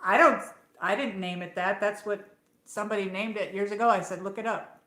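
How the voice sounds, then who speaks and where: A woman with an upstate New York accent rambles through a late-night livestream story, casual and unpolished, with plenty of fillers and the occasional swear. Her voice sits at an ordinary pitch and is picked up by a phone in a roomy, echoing space. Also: a little fast, fairly bright tone. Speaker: livestream host. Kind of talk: casual chat.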